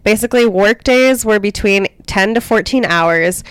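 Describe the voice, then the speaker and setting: Chatty woman with a smooth, dry voice. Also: mid-range voice, moderate pace, no echo. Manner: chatty storytelling with lots of "like" and "um". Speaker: podcast co-host. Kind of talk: casual comedic chat, telling a history story.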